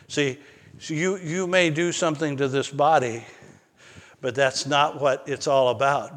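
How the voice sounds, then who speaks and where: Male pastor, slightly high voice, unhurried delivery, conversational sermon, echoing church hall. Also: fairly even intonation, fairly bright tone. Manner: conversational preaching with personal stories and rising emphatic peaks.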